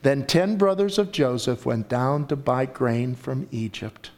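A man preaching a sermon and reading scripture aloud, animated and acting out the story's voices. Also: medium pitch, measured pace. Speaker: pastor.

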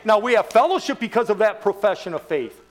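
Man, 60s, high voice, guest preacher, lively joking sermon, rhetorical questions. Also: quick pace. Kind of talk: evangelistic sermon. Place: church in front of a congregation.

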